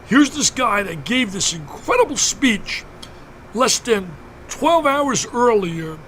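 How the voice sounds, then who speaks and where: A man's voice: sits high, lively intonation, a little slow, fairly bright tone, a little hiss or hum. An older man, a broadcaster being interviewed, telling a story emphatically and fervently, repeating words for force. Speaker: interview guest, basketball broadcaster. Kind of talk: emotional storytelling in a radio interview.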